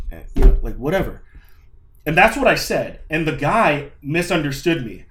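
A man's voice: a little high, brisk, noisy background. A young man telling a story in a casual, profane way, acting out his own lines and quoting others. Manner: animated, profane, acts out quotes. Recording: echoey room.

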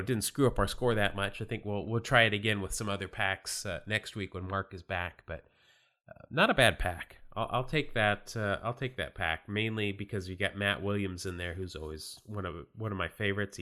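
Low-voiced man, sick, chatty podcast host. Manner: relaxed, chatty, with frequent fillers and restarts. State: sick, voice worn. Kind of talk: casual solo podcast talk about baseball cards.

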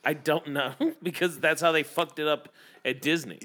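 A man's voice: a little high, fairly even intonation, moderate pace, a bit bright. A man co-hosting a podcast in casual, crude chat, laughing often as he jokes. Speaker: podcast co-host.

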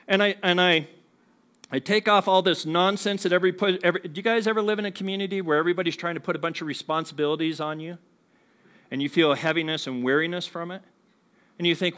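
Higher-voiced man preaching with humor. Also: fast talker, a bit bright. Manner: conversational, humorous, asks the congregation questions; acts out what people say to each other. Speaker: pastor. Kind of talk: sermon. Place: church before a congregation.

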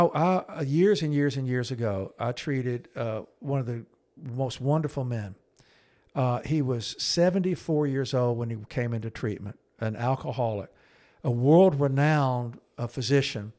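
A middle-aged man co-hosting a podcast, telling a counseling story in an earnest, halting way and acting out quoted speech in a low, hushed voice. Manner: earnest, halting, with frequent restarts and fillers. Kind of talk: conversational storytelling.

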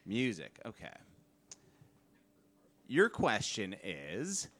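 A man hosting a live comedy debate show, reading out questions in a deliberate, dry manner. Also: lowish voice, huge pitch swings, fairly bright tone. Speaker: host.

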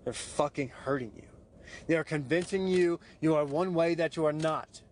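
A man's voice: a little high, moderate pace, a little hiss or hum. A man hosting a podcast, talking through his past in a candid, profane monologue. He mocks himself and keeps checking in with "right?". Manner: candid, profane, self-mocking, frequent "right?" asides. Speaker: podcast host. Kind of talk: personal monologue.

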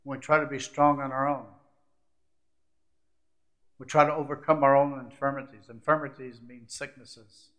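A man preaching a sermon, shifting from hushed, confiding asides to rising, emphatic climaxes that stack short repeated phrases. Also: medium pitch, flat delivery, normal speed, pauses often. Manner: repetitive, building lists of short phrases.

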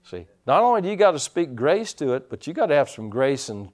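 A man preaching a sermon as pastor, folksy, telling stories and swinging his loudness up and down, from the United States. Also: on the high side, sing-song, fairly quick. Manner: folksy storytelling preacher, rising and dropping loudness.

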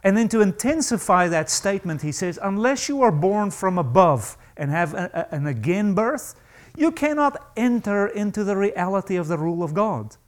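A male pastor preaching a sermon to a congregation, emphatic and animated, acting out the voices he quotes. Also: sits high, normal speed, hardly any pauses.

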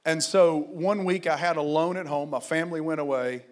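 Male pastor, high pitch, fervent sermon delivery with shouted peaks. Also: fairly even intonation, moderate pace. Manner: fervent, rising to shouted exhortations, then quiet storytelling.

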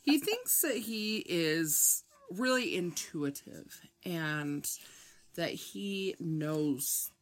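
A woman from the Midwest, co-hosting a podcast and telling a story in a dry, unhurried way. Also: lowish voice, big pitch swings. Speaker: podcast co-host. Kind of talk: casual chat.

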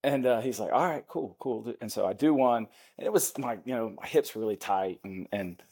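A man in his forties tells long stories as a podcast guest, restarting often and laughing at himself. His voice is husky and mid-pitched. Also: a little fast, darkish tone. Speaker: podcast guest, former NFL lineman. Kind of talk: casual storytelling in an interview.

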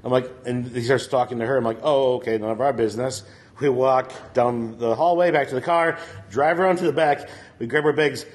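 A man's voice: mid-range voice, fairly even intonation, a little fast. A man telling a rambling story to friends in casual chat, laughing often and filling with "like". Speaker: storyteller on a comedy podcast.

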